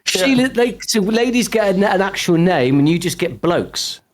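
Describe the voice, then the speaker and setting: A man's voice: high-pitched, big pitch swings, moderate pace, voice pushed up. A man putting on an exaggerated Australian accent as a cheery, joking bloke reading out a silly fact. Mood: playful. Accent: put-on Australian.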